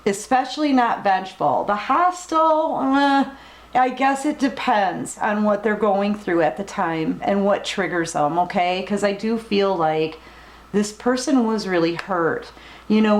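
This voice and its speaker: Woman doing a tarot reading, slow soft reassuring talk, kinda echoey room. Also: medium pitch. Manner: gentle, reassuring, emotional, talks directly to the viewer. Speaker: tarot reader. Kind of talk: collective tarot reading to camera.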